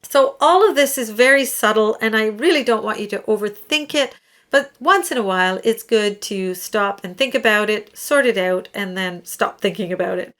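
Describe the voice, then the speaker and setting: A woman teaching singers diction, explaining patiently and slowing down to demonstrate words. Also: medium pitch, a bit bright. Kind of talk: instructional explanation.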